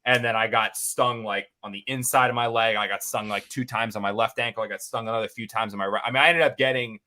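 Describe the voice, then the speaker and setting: A young man on a podcast, telling a rambling, animated story full of fillers and restarts. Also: fairly low pitch, fast talker. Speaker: podcast co-host.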